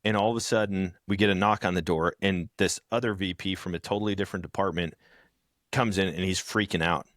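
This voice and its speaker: A man with a low voice chats casually as a podcast co-host, spinning stories and acting out the people in them. His voice is recorded close and dry, with no room sound. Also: quick pace, no echo. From rural background. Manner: storytelling, animated when acting out others. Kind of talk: casual chat.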